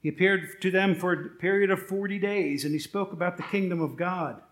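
A man's voice: high-pitched, brisk, a bit bright, echoey room. A middle-aged male pastor preaching a sermon in a conversational way, full of rhetorical questions and joking asides.

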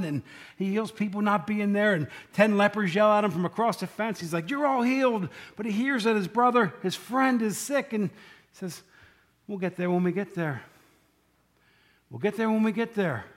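A man's voice: high-pitched, fairly bright tone. A man preaching a casual sermon, chatting with the congregation and acting out the quoted lines. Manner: conversational, asks the congregation questions, acts out quotes.

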